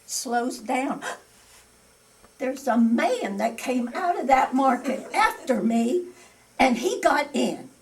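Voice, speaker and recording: An older woman, an amateur actor, performs a comic monologue on a community stage before an audience, captured in a distant recording. Her voice sits high and slow, very animated in full character as a cranky bag lady who rambles indignantly, easily enraged and prone to sudden outbursts.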